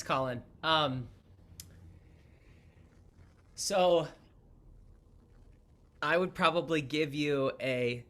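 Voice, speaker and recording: Easygoing male pastor, bright tone, casual and self-deprecating. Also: medium pitch. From Canada. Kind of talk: casual interview chat.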